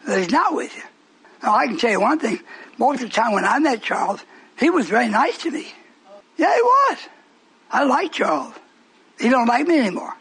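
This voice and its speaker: High, bright-voiced man preaching. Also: big pitch swings, moderate pace, pauses often, breathy edge. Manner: call-and-response preaching, teasing the congregation. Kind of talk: sermon. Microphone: broadcast on shortwave radio.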